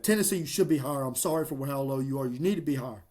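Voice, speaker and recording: A man ranting as a fan about football rankings, exasperated and animated. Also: fairly high pitch, rapid-fire, hardly any pauses. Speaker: sports commentator. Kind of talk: fan reaction commentary.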